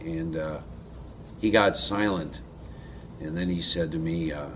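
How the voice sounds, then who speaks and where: A man with a very low, deep voice gives a personal recovery testimony. He speaks reflectively and haltingly, pausing often and filling gaps with "uh." A faint hiss sits under the recording. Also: fairly bright tone. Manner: halting, reflective, many pauses and fillers.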